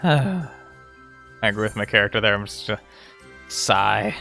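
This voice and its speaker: A man's voice: on the low side, lively intonation, moderate pace, gravelly, long pauses, pushed and bright, faint music behind. Playful man streaming a game. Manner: laughing, playful reactions. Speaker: gaming streamer. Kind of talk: casual gameplay commentary.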